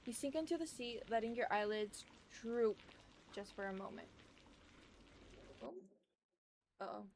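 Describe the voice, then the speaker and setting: Higher-voiced woman reading a visual novel. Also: moderate pace, a little hiss or hum. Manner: expressive, chatty, reacts with laughter and swearing. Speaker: gaming channel host. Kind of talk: visual novel let's play with narration.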